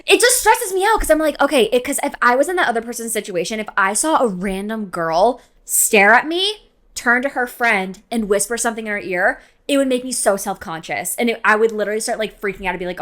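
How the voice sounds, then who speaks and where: Young woman, podcast guest, animated rambling chat. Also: a little high, brisk. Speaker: podcast guest, host's best friend. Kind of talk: casual chat. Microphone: podcast mic.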